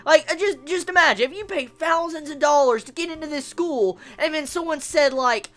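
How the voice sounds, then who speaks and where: A woman giving a casual, blunt and profane anime review, with stammered restarts and drawn-out rhetorical questions. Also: sits high, a bit bright. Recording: faint music behind.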